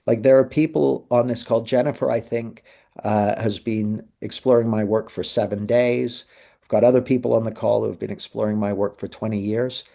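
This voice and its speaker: This middle-aged man's voice sits on the low side, dark in tone with vocal fry, fairly even intonation, and a moderate pace. Leading a live masterclass via video call, he tells conversational stories and acts out quoted voices.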